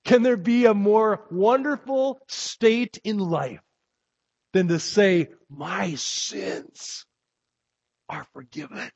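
Slow, emphatic preacher man. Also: high-pitched, gravelly, a little mellow, slightly rough, no room sound. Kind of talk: sermon. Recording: dull lo-fi recording.

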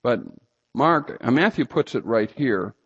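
A man's voice: mid-range voice, expressive, measured pace, breathy edge. Man preaching, dull lo-fi sound. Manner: storytelling with sudden loud outbursts. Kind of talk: sermon.

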